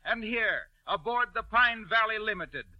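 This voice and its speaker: A man announcing a 1930s radio comedy with crisp, formal delivery. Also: high voice, lively intonation, a little slow, no room sound. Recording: muffled 1930s radio broadcast, faint band music.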